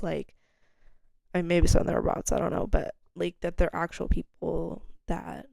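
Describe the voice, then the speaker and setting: Young woman ranting on her own podcast, gravelly fry, dry close sound, says like constantly. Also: on the low side, a little mellow, no room sound. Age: young adult. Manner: rambling, candid, peppered with "like"; swears casually. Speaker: podcast host. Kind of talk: casual solo monologue.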